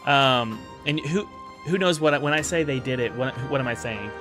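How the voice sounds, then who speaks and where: A man's voice: mid-range voice, expressive, normal speed, music in the background. A man in casual livestream commentary, reviewing indie games in an upbeat, rambling way with many restarts.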